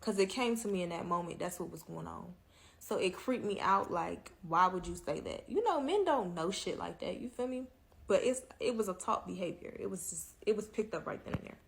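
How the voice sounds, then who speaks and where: Woman telling a creepy date story, animated, cussing a lot, chatty. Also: lowish voice, a little fast, gravelly. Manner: animated, profane, addresses listeners as y'all. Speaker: storyteller in a reaction clip. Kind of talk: casual storytelling.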